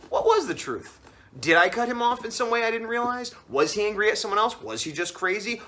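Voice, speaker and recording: Fast-talking animated man on a vlog. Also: sits high. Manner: rambling, animated, acts out the other voices in the story. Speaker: comic artist vlogger. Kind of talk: casual storytelling vlog.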